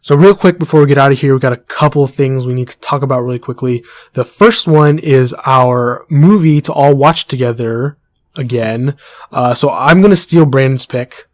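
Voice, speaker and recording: A man's voice: medium pitch, moderate pace, no room sound, studio quality. A young man co-hosting a casual podcast, teasing his co-host and steering the segments. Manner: playful, teasing, runs the segment.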